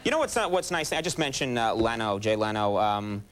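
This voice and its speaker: A man hosting a talk show, joking in a quick, self-mocking way with his sidekick. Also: fairly low pitch, sing-song. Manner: jokey, self-mocking, fast asides. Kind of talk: comedic talk show banter. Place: TV studio with live audience. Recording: broadcast with audience and noise.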